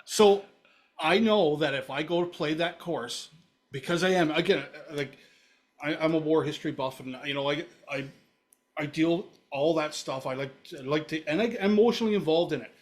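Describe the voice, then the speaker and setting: A man hosting a podcast, talking in casual chat, emphatic and excitable and swearing freely. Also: fairly high pitch, moderate pace. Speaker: podcast host.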